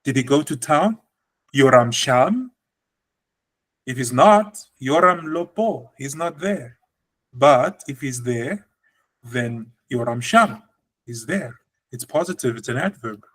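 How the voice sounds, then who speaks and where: A man's voice: mid-range voice, expressive, slow pace, long pauses, a bit bright, breathy edge, poor audio. A man teaching a language lesson, explaining patiently and drawing out example words.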